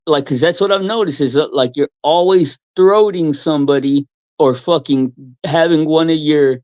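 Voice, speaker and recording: A man's voice: fairly high pitch, darkish tone, no room sound. A man ranting at someone in a heated chat, swearing heavily and mocking him. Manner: profane, ranting, mocking with put-on voices. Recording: dry, dull lo-fi sound.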